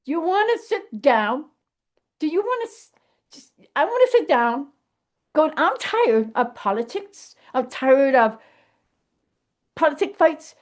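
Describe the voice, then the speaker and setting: A woman talking casually to camera in an animated, emphatic way, thinking aloud and restarting her sentences as she goes. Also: high voice. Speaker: vlogger. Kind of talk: casual rambling monologue.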